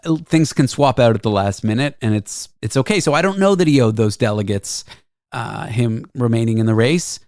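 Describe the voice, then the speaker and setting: A man's voice: mid-range voice, lively intonation, moderate pace, a little mellow, no echo, studio quality. A man hosting a radio show in casual chat, easygoing and hesitant, often repeating words.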